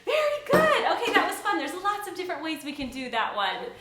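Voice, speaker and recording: A woman's voice: high voice, sing-song, quick pace, very noisy. A woman teaching a children's music class, singing nursery songs and cheerfully coaxing the kids to join in. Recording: echoey room.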